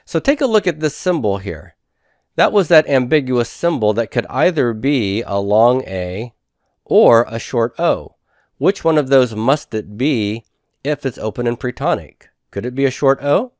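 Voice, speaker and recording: A man's voice: mid-range voice, expressive, unhurried, a little mellow, no room sound, studio quality. Patient man teaching a language lecture. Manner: patient, explains step by step, asks rhetorical questions. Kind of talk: recorded lecture.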